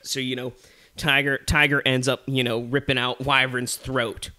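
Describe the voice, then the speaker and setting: Bright-voiced rambling male podcast host. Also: medium pitch, little pitch movement, normal speed. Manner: rambling, profane, many fillers. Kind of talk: comedic storytelling.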